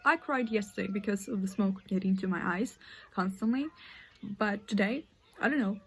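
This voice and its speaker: A woman's voice: mid-range voice, moderate pace, husky. An eighteen-year-old woman vlogging casually outdoors in a forest, rambling and hesitant and sometimes dropping to a whisper. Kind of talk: casual chat.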